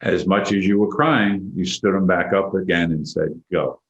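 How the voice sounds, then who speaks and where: A man's voice: sits low, steady tone, moderate pace, highs cut off. A man hosting a leadership podcast, reflecting on the topic and inviting each guest in by name. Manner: reflective, affirming, asks others by name. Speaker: podcast host, leadership facilitator. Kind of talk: conversational discussion. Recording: roomy echo.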